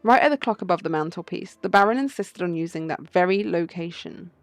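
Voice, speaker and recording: A woman's voice: lively intonation, a little fast, no room sound. Woman doing a muffled, polite, jittery giraffe maid for a game read-through. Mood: helpful. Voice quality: muffled, as if from high up. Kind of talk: game playthrough read-aloud.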